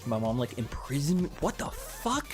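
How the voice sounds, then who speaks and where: A young man hosting a casual live stream, chatting with viewers and answering their comments, often jumping into high excited squeals. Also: normal speed, soft background music. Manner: animated, jumps into high excited squeals and laughs.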